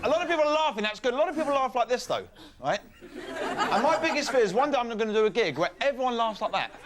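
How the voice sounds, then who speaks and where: High, quick-talking stand-up comic. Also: male voice, expressive, music in the background. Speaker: stand-up comedian. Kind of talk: stand-up comedy set. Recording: noisy live club recording. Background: audience laughter.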